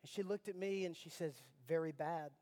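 Animated pastor, high voice. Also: male voice, brisk. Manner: animated storytelling, mock outrage, swings from soft prayer to loud. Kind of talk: sermon.

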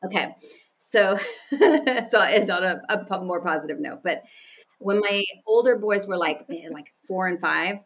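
A woman's voice: lowish voice, normal speed, a bit bright. A woman guest speaking candidly and with animation, telling personal stories in conversation and laughing often. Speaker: podcast guest.

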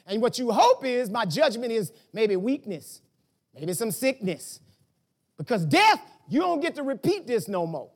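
High, lively preacher man. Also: a little slow. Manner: animated preaching, rhetorical questions, bursts of shouting. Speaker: pastor. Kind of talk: sermon.

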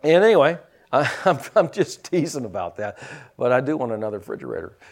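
Lively, animated preaching man. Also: mid-range voice, quick pace. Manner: lively preaching with asides and teasing humor. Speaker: pastor. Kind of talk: sermon.

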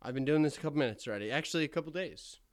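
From his attic, a young man hosts a podcast, rambling through a comedic monologue full of self-deprecating jokes, frequent stammers and asides. His voice is on the high side and rapid-fire, captured in clean studio sound with no echo.

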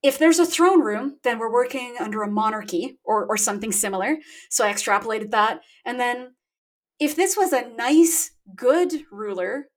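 A woman author talking in a relaxed interview over a remote connection, thoughtful and quick to laugh at herself. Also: a little high. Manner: thoughtful, self-deprecating, laughs often. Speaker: guest author. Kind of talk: casual interview talk. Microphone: remote call.

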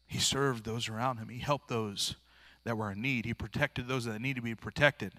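A man's voice: mid-range voice, fairly even intonation, normal speed, bright, forceful tone, no room sound. A male pastor preaching a sermon in a plain-spoken, earnest, informal way, restarting phrases often. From rural area.

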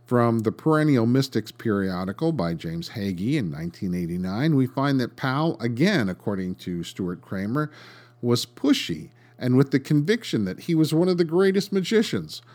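A man's voice: mid-range voice, big pitch swings, normal speed, darkish tone. A man hosting a podcast, reading a scripted history narration with dry, sarcastic asides. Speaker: podcast host.

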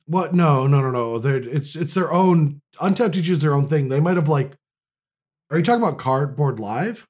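A man with a slightly higher voice than most chats casually on a podcast. He explains things eagerly, with many "like"s and repeated starts. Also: normal speed. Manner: animated explaining with many fillers and restarts. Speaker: podcast co-host. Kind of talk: casual chat.

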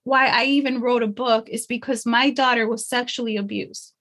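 A woman's voice: fairly high pitch, steady tone, moderate pace, fairly bright tone. A woman empowerment coach in a casual podcast conversation, speaking earnestly and emotionally from her faith.

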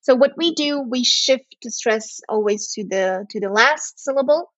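Appearing as a podcast guest, this young adult native Serbian speaker from the south of Serbia talks with a Serbian accent in a fairly high, animated voice at normal speed. Her casual chat is hesitant, full of fillers and false starts, and the audio is muffled with no room sound.

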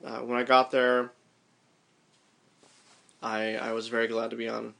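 A man casually recounting an underground climb to his companions as an animated storyteller. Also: medium pitch, a little slow, gravelly. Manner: animated storyteller, shouts in quoted lines.

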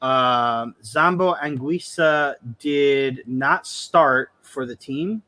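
A man's voice: mid-range voice, pushed and bright, no echo. A young man co-hosting a football podcast, chatty and joking in casual talk. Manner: chatty, joking, quick restarts. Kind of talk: casual chat.

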